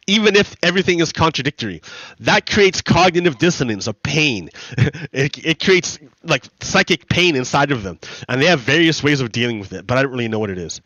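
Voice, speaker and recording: Man streamer, casual rambling talk with laughs, fairly high voice, close dry mic. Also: a bit bright, no echo, dull audio. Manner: rambling, laughing, repeating himself. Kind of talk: casual livestream commentary.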